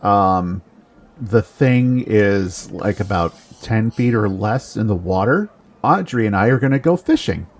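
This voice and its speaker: A man's voice: fairly low pitch, animated, measured pace. A man playing in a tabletop game, chatting with wry jokes. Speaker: player. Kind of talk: casual chat.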